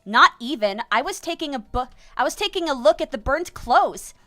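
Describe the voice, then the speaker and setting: A man's voice: extremely high pitch, lively intonation, normal speed, bright, forceful tone, soft background music, voice pushed up, full character voice. A man reading aloud and voicing an earnest, easily flustered young female pony.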